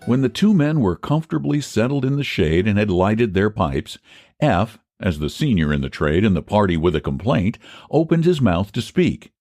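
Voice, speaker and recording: A man narrating a classic short story as an audiobook, in an expressive storytelling manner. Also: normal speed, no echo. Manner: expressive storytelling, low even narration between character lines.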